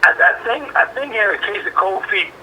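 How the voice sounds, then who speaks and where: Man, 40s, boxer guest; bright, tense voice, animated and repetitive, faint hiss behind. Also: high voice, a little fast, low-quality recording. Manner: animated, repeats phrases, many fillers. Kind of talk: interview talk.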